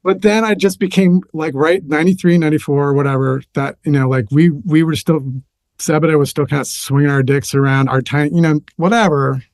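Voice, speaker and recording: A man's voice: fairly high pitch, fairly even intonation, brisk, a little mellow, no room sound. A middle-aged man telling stories in a casual chat as a podcast guest, rambling and restarting often, livening up as he recalls things.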